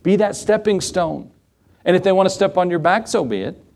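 A middle-aged male pastor preaching a sermon, swinging his pitch and pace as he acts out Bible scenes. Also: lively intonation, a little fast, vocal fry, a little mellow, slight background noise.

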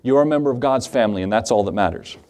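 Male pastor, middle-aged, conversational sermon, rhetorical questions, mid-pitched voice. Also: rapid-fire, darkish tone.

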